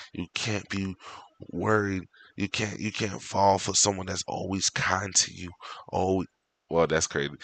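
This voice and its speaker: Deep gravelly-voiced man ranting casually. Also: pushed and bright. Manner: profane, slangy, repeats himself. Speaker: livestream host. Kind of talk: casual rambling rant to chat.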